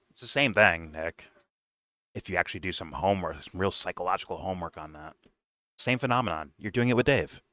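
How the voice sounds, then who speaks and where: Male reaction host, low and bright, dry close sound, rambling and profane. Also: no room sound. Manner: rambling, profane, pauses the clip to comment. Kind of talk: casual reaction commentary.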